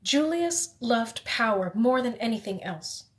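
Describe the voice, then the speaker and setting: A woman's voice: a little high, animated, a little slow. A woman reading as a proud, curt queen. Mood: bitter. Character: proud queen mother, commanding and bitter.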